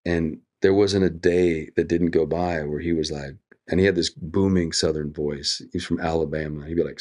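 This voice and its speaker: A middle-aged man with a deep, low voice talks as an interview guest. He speaks earnestly and reflectively, slipping into lively quoted asides now and then. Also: moderate pace.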